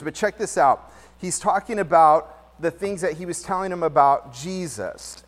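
A man preaching a conversational sermon as pastor, lively and slangy, mixing scripture with everyday stories. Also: a little high. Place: church hall. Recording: long hall reverb.

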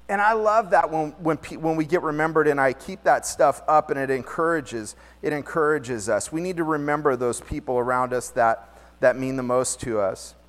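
Slangy man preaching in a reverberant hall. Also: a little high. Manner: lively, slangy, storytelling preacher. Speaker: pastor. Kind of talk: conversational sermon. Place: church hall.

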